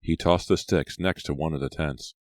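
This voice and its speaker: A man narrating an audiobook in a steady storytelling voice. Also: a bass voice, moderate pace, no echo. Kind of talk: scripted narration.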